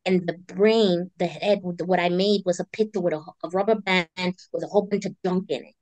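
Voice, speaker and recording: A middle-aged woman with a fairly low voice talks fairly quickly, no echo present. As an interview guest, this artist and army veteran tells her story conversationally and with animation, imitating the voices within it.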